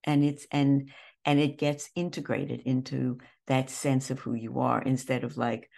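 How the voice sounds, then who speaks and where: Older female therapist, strong vocal fry, chatty storyteller in an interview. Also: extremely low pitch, moderate pace. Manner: warm, animated anecdotes with many restarts. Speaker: therapist and teacher, interview guest. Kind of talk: conversational storytelling.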